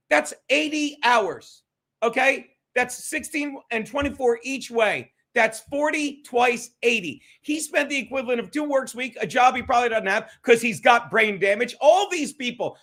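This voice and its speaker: A man's voice: extremely high pitch, a bit bright. A man hosting a livestream, ranting profanely about critics and thanking viewers by name. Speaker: livestream host.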